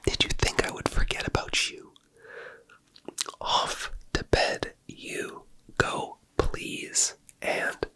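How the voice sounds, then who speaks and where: In his ASMR video, a man keeps his voice to a soft, slow whisper, airy with breath and lightly playful.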